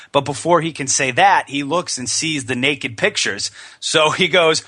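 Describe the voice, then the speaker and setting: A man hosting a casual podcast, his voice bright and forward as he tells stories with an easy, chuckling manner. The recording is dry and close. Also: mid-range voice, moderate pace, few pauses, no echo. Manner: storytelling, relaxed, chuckling. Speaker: podcast host. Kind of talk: casual chat.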